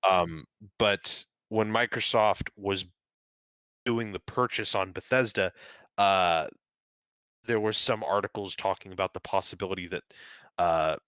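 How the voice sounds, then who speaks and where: A man with a deep, low voice chats casually on a podcast, trailing off and restarting his sentences. The sound is dry and close, with no room around him. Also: a bit bright, smooth, dry recording. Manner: rambling, many fillers and restarts, swears casually. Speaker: podcast co-host. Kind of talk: casual chat.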